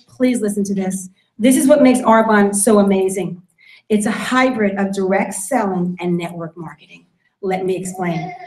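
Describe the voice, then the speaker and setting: A woman's voice: medium pitch, darkish tone. A woman giving an emphatic sales presentation to a room, repeating her key points. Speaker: network marketing presenter. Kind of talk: sales pitch talk to a room. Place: meeting room with audience. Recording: echoey room.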